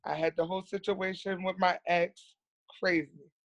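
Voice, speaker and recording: A woman's voice: lowish voice, fairly even intonation, moderate pace, dry recording, dull audio. Candid woman retelling a hard story. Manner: earnest, repeats words for emphasis. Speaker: podcast guest, nurse.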